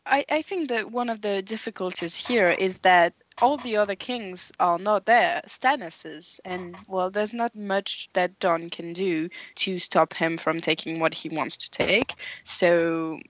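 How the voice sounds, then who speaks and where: A woman co-hosting a podcast, talking through a book in a thoughtful, measured way with small restarts. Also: fairly low pitch, no room sound. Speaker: podcast co-host. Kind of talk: casual book discussion. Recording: dry, slightly dull audio.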